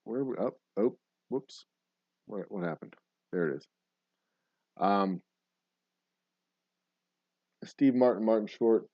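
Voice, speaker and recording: A man's voice: fairly low pitch, takes it slowly, pauses often, dry recording. Rambling, cursing male stream host. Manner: rambling, profane, frequent self-corrections. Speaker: livestream host. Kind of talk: casual live-stream chat reacting to viewer comments. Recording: dull lo-fi stream audio.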